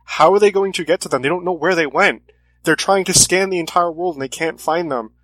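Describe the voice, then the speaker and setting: A man's voice: on the high side, brisk, fairly bright tone, dry recording. A man in casual chat about comics, earnest and reflective in his views. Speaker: comic podcast co-host.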